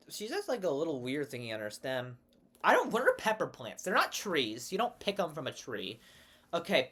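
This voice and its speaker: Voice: medium pitch, a bit bright. A young adult vlogger rambling goofily to camera, often cutting off and restarting. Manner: rambling, goofy, self-interrupting. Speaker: vlogger, channel host. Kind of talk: casual rambling chat to camera.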